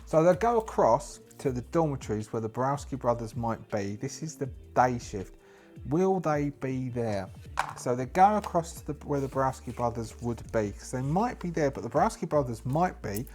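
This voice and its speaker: A man narrating a solo tabletop game, musing and thinking aloud as he plays. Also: medium pitch.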